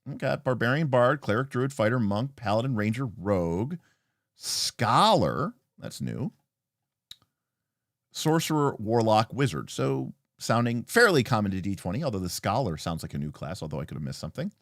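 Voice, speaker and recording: A man's voice: on the low side, very animated, moderate pace, no room sound, clean studio sound. A man hosting a livestream, casually looking over a tabletop game book and answering chat, thinking aloud with frequent fillers and restarts. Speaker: livestream host reviewing tabletop role-playing game books.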